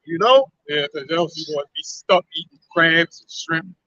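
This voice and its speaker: A man's voice: on the high side, normal speed, pushed and bright, no room sound. A man talking casually and heatedly in a group conversation, rambling and laughing often. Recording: dull lo-fi audio.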